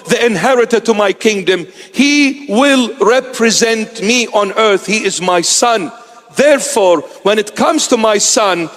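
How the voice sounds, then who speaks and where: A man's voice: sits high, fairly bright tone. A man preaching as a bishop, telling stories and acting out the people in them. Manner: storytelling, acts out quoted voices. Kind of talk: sermon. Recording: long hall reverb.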